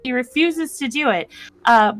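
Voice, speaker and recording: Chatty, laughing higher-voiced woman. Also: normal speed, a bit bright, soft background music. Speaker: guest. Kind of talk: casual chat.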